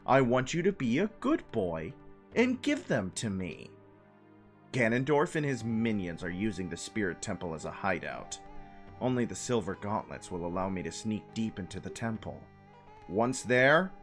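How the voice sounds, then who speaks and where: A bold young female thief from a game asks a kid for a favor in a sly, coaxing way, as a man reads her lines aloud. The reading swings widely in pitch, and she sounds a little pleased with her own scheme. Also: fairly bright tone.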